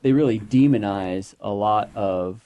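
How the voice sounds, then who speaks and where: A man's voice: on the low side, measured pace, dull audio. A man co-hosting a call-in radio talk show, hesitant and wry. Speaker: radio co-host.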